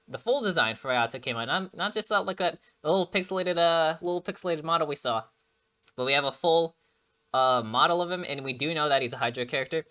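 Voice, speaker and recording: A man casually chatting through a game trailer reaction, excitable and rambling with lots of fillers and restarts, sounding like he just woke up. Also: fairly high pitch.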